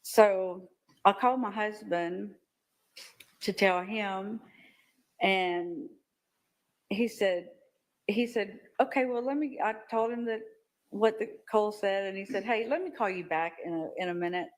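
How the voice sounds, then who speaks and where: An older woman testifying as a witness in a courtroom. She talks haltingly and often repeats words as she recalls events. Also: medium pitch, poor audio. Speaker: trial witness.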